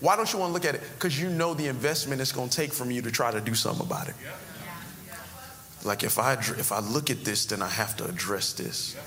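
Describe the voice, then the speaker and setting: A male pastor preaches a conversational sermon in a church, with sudden emphatic rises. His medium-pitched voice is pushed and bright, moving at a quick pace, and the recording carries long hall reverb and faint background noise.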